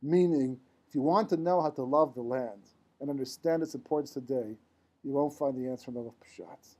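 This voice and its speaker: This Torah teacher, a man with a medium-pitched, darkish voice, talks fairly quickly in an informal lecture to a live class. His style is conversational, Hebrew terms pop up in his English, and he checks in often with "right?" and rhetorical questions.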